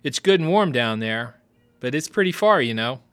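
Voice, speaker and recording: A man reading a calm easygoing boy. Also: medium pitch, normal speed, clear, resonant tone, natural voice. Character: calm, clever teenage runaway boy.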